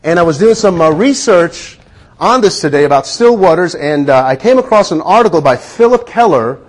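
A man with a high voice preaches a sermon. He is earnest and leads his listeners in repeating lines after him. He stretches key words out slowly for emphasis. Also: lively intonation.

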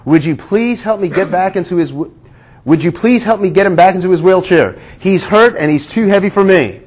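A man voicing a young boy who is tearful and pleading softly, with a fairly high voice. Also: fairly quick. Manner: soft, pleading.

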